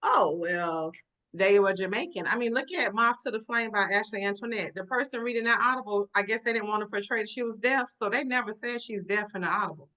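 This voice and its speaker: A woman's voice: on the high side, fairly even intonation, quick pace, few pauses, sharp tone, low-quality recording. A woman, a guest author, talking casually in a book club discussion with chatty fillers.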